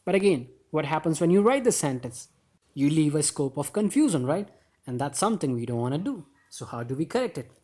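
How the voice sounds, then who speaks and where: Teaching English grammar with plenty of energy, this man addresses viewers as guys, throws out rhetorical questions, and slows to emphasize words in examples. His pitch is fairly high with big swings, and his tone is a little mellow.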